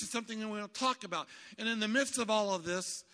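A male pastor preaching a sermon in a church, animated and emphatic, building to shouts. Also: high-pitched, fast talker. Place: church sanctuary. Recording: long hall reverb.

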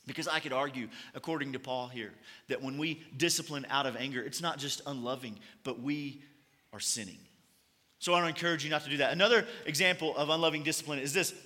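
Bright, high-voiced pastor. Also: male voice, in a large hall. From Kentucky. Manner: storytelling, conversational with humor. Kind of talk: sermon.

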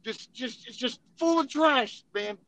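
A man's voice: very high voice, a little slow, fairly bright tone, no echo, low-quality recording. A man telling funny army stories in casual, profane storytelling, laughing and acting out voices as he goes. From Tennessee.

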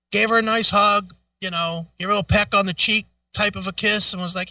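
A middle-aged man with a high, bright voice tells a profane story to his co-host. He is animated and acts out every quote. The studio sounds dry, and he sits a little back from the mic. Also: quick pace, few pauses, dry recording, recorded from a distance. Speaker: radio show co-host. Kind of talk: casual storytelling chat.

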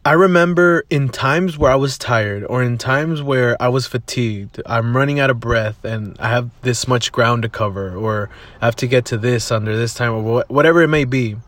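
A man's voice: medium pitch, moderate pace, few pauses, fairly bright tone, no echo. A young man hosting a casual solo podcast, rambling and swearing freely as he tells a story, recorded in a parked car. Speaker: podcast host.

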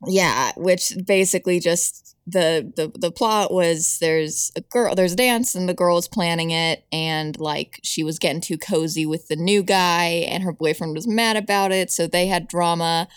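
A lower-pitched woman talking casually as a podcast co-host. She laughs easily and trips over her words. The recording is dry and close, with no room sound. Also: unhurried, few pauses, smooth, dry recording. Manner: chatty, laughing, many restarts. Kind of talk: casual chat reviewing old TV.

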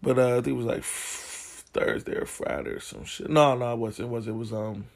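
Man, casual podcast rant, profane, slangy, middle pitch. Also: fairly quick, gravelly. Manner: slangy, profane, gets heated and loud when retelling arguments. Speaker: podcast host.

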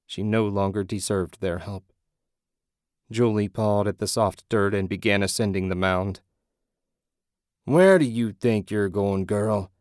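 Steady guy narrating a story, low voice, dry close sound. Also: no echo. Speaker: audiobook narrator. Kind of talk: scripted narration.

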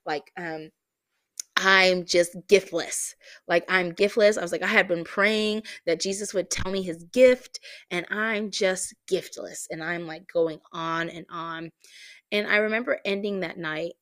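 Woman host, lowish voice, dry close mic, candid personal story with lots of um and like. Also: a little slow, dry recording. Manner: candid, animated, many fillers. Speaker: podcast host.

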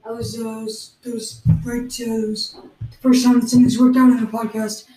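A woman co-hosting an improvised comedy podcast, giving halting, matter-of-fact explanations. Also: fairly high pitch, flat delivery, mellow. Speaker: podcast co-host. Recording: roomy, distant mic.

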